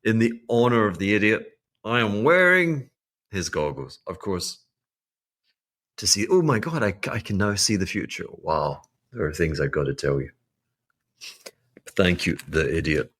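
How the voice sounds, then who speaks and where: A man's voice: lowish voice, expressive, measured pace, pauses often, a bit bright, dry recording, clean studio sound. A man hosting a solo podcast, giving rambling, wry, self-mocking market commentary with laughing asides. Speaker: podcast host.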